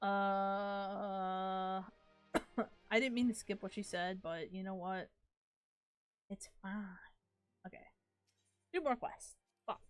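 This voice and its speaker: A woman's voice: mid-range voice, fairly even intonation, slow pace, pauses often, clear, resonant tone, no echo, faint music behind. A woman streaming a game live, chatting playfully with her viewers and laughing often. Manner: chats to viewers while playing. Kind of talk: casual live-stream gaming chat.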